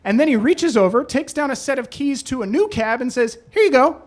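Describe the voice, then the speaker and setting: A man telling a personal story live on a club stage, animated and self-deprecating. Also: very high voice, brisk. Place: club stage in New York.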